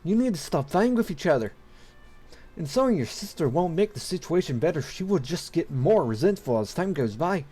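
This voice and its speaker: A man's voice: on the high side, big pitch swings, brisk, dark tone, husky, pitched above the performer's own voice. A man reading the lines of a firm, fatherly king in a plain voice.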